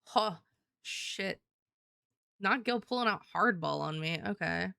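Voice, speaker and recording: Gravelly young woman streamer, rambling. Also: mid-range voice, slow pace, sharp tone, dry recording, clean studio sound. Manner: rambling, profane, heavy use of "like". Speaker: live streamer. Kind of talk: casual live-stream chat.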